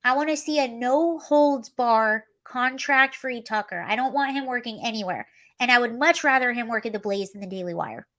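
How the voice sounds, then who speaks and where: Woman host, slightly high-pitched, animated casual livestream commentary. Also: moderate pace, few pauses. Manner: chatty, animated, reads chat comments aloud. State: allergies, coughing and sneezy.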